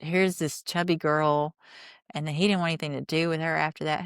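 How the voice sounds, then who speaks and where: A woman's voice: low-pitched, fairly even intonation, fairly quick, clean tone, dry recording, clean studio sound. A woman hosting a podcast, casually recapping a reality show in an opinionated way, retelling scenes through quoted lines and throwing in sarcastic asides.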